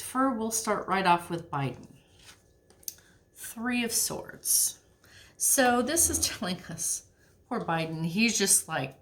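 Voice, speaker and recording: A woman giving a casual tarot reading to camera in a chatty, animated way. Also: on the low side. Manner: chatty, animated, drops to near-whisper while shuffling. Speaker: tarot reader.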